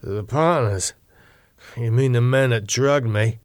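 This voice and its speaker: A man's voice: mid-range voice, slow, no room sound, natural voice. A man doing a groggy, indignant captive. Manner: slurred, sharp and demanding. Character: groggy, indignant man just waking up drugged.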